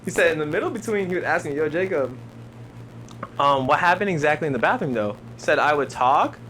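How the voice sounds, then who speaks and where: A man's voice: on the high side, expressive, fairly quick, a bit bright, a little hiss or hum, poor audio. Slangy young man telling a wild story. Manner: slangy, laughs often, acts out quotes. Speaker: podcast guest. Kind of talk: casual storytelling.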